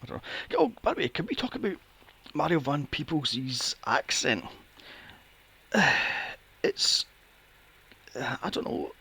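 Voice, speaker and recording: Co-hosting a movie podcast, a man chats casually and sarcastically about a film, animatedly mocking characters in high, silly voices. He speaks unhurriedly with vocal fry, a breathy edge, and frequent pauses.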